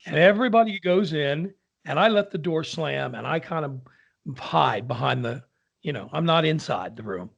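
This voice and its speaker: A man, an opera singer, telling a lively anecdote in casual conversation and acting out the people in it. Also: a little high, moderate pace, creaky, muffled recording. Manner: animated storyteller, acts out quoted voices.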